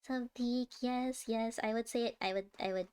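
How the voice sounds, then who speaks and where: Streamer type: chatty, giggly American woman, slightly high voice. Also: fairly even intonation, moderate pace, darkish tone, clean tone. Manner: chatty, giggly, reads chat aloud. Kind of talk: casual livestream chat.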